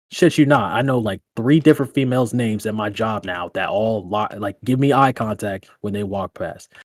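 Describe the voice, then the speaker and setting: A man's voice: dry recording, clean studio sound. Slangy, profane young-sounding guy. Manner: loose, slangy and profane, laughing often; animated, with big jumps in pitch when telling stories. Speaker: podcast co-host. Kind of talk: casual podcast chat giving dating advice.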